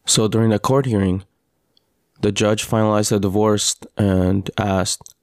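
A father hosting a podcast, telling his story in an earnest, halting personal monologue with frequent restarts. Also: on the low side, little pitch movement, a little mellow, no room sound, studio quality. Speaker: podcast host.

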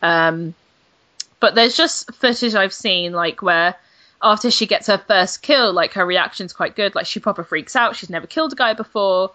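A woman's voice: mid-range voice, moderate pace, pushed and bright, no room sound. A woman in her twenties, a games journalist chatting bluntly and animatedly on a podcast, swearing freely. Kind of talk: casual podcast chat.

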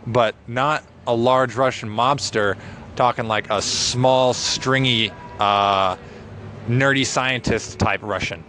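A man co-hosting a casual podcast chat, playful and halting with fillers. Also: medium pitch, fairly even intonation, bright, forceful tone, slight background noise. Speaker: podcast co-host, narrator.

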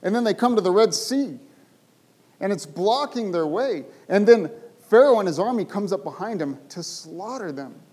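A man's voice: high-pitched, lively intonation, moderate pace, a little mellow, slightly rough. A man preaching a sermon, telling a story with emphasis and asking his listeners rhetorical questions.

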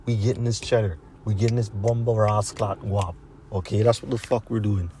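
A man's voice: lowish voice, steady tone, moderate pace, dark tone. Blunt swearing man ranting by a street. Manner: blunt, repetitive, heavy slang and swearing. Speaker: vlogger. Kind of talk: profane motivational rant to camera. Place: outdoors near a street with passing cars. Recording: faint street noise with traffic.

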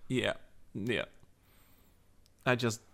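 A man co-hosting a casual gaming talk show, with a middle-pitched, gravelly voice. He chatters loosely, laughs a lot and teases the others. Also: fairly even intonation, drawn-out words, fairly bright tone. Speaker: podcast co-host.

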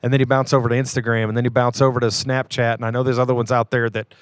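Male co-host, thirties, mid pitch, earnest storyteller, dry close sound. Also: flat delivery, rapid-fire, dry recording. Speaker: podcast co-host. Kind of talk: casual chat.

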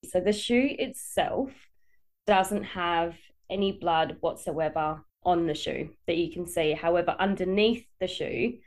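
A woman's voice: fairly low pitch, darkish tone. A woman from Perth, Australia, walking co-hosts through a case in casual podcast chat, hedging and laughing easily. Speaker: podcast co-host presenting a case.

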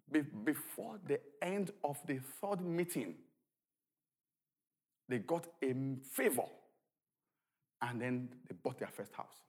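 A man preaching a sermon as pastor, shouting at the peaks and telling stories with a lively, swooping delivery. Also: mid-range voice, breathy edge.

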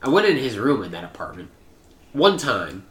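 A young man telling a rambling story with a bright, forward voice that swings up and down a lot. He swears freely and plays up the jokes. The sound is roomy and echoey, with a faint hiss underneath. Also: mid-range voice, huge pitch swings, moderate pace. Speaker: podcast co-host. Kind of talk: casual chat, crude banter. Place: home room.

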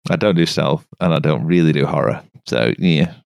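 A man's voice: extremely low pitch, moderate pace, vocal fry, darkish tone, dry recording, clean studio sound. A man with a Northern English accent co-hosting a gaming podcast in casual, chatty talk and laughing easily. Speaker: podcast co-host. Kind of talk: casual chat.

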